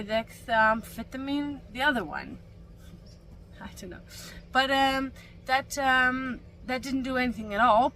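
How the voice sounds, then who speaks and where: A woman's voice: medium pitch, a bit bright, slight background noise. A young woman chatting in a casual vlog, rambling with many fillers and restarts. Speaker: vlogger. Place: camper van.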